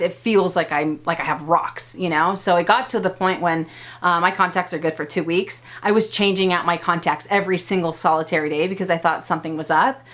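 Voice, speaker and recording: A beauty vlogger in her thirties gives a casual, chatty product review, enthusiastic and full of fillers. Her voice sits on the lower side with a slightly bright quality.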